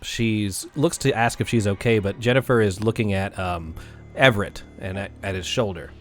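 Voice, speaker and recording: A man narrating as game master of a tabletop game, talking in a halting way with many fillers. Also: on the low side, soft background music.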